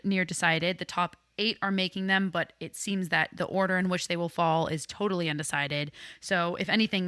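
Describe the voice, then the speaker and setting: Bright-voiced woman on a podcast. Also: medium pitch, dry recording, studio quality. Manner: opinionated, laughing easily. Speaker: podcast co-host. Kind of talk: casual sports chat.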